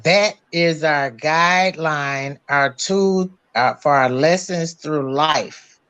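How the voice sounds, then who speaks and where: A woman on a talk stream, speaking in a measured, preacherly way and posing rhetorical questions. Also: deep voice, fairly bright tone, clear, resonant tone.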